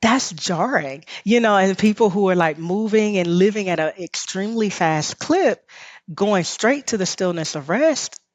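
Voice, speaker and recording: A woman's voice: medium pitch, expressive, measured pace, dry recording. A woman with a Southern US drawl, a rest teacher and podcast guest, talking in a reflective, guiding way and laughing often. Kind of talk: podcast conversation.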